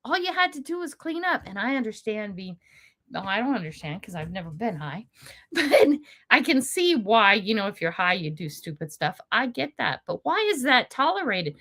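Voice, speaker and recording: With big pitch swings at normal speed, an older woman's fairly bright, mid-range voice carries her casual livestream. She's a chatty host who laughs a lot while telling stories and makes blunt, indignant remarks.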